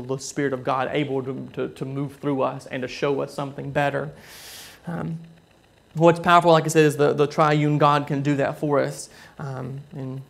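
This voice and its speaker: A man preaching a sermon, telling a story with frequent halting restarts and repeated words. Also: medium pitch, gravelly. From southern United States.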